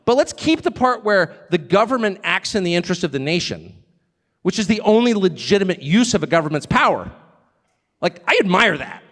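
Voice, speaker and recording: A man giving an animated, sarcastic, off-the-cuff speech to a live audience. He digresses and laughs at his own jokes. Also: high-pitched, a little fast. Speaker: speaker addressing a live audience abroad. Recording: long reverb of a large hall.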